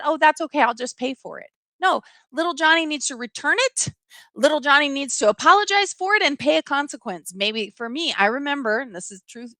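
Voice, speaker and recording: A middle-aged woman hosting a live stream, telling a personal story in an animated, emphatic way and often checking in with "right?". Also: on the high side, no echo.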